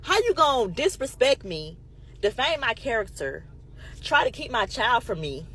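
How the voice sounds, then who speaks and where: A woman telling a casual storytime monologue in an animated, emphatic way, swearing freely and calling her listeners y'all. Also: fairly high pitch, normal speed, slightly rough, rough recording.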